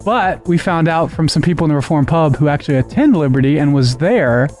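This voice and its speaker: A man's voice: on the high side, a little mellow. A man co-hosting a talk show, explaining news stories at length. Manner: explains news at length, reads quotes aloud. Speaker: co-host. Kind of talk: casual discussion.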